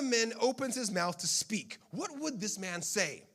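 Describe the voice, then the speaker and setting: A male pastor preaching a sermon in a playful, animated storytelling manner. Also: high voice, normal speed.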